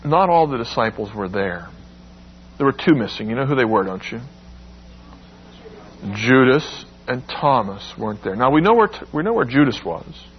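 A man preaching a sermon, expressive and emphatic, acting out the quoted lines with sudden rises. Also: mid-range voice, moderate pace, dull audio, a little hiss or hum.

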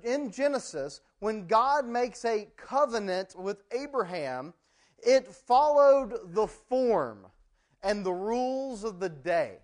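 A man leads a church theology class, and his voice sits notably high for a man. He keeps it loose and joking, talking his way through ideas with plenty of ums and uhs. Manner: joking, chatty teaching with many ums and uhs. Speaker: pastor teaching a theology class.

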